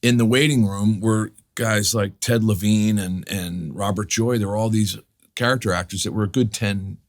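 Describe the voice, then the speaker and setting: Deep-voiced man telling stories, profane and animated. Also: normal speed. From New York. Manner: animated, profane, restarts a lot, acts out quotes. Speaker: guest actor. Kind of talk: storytelling in a casual interview.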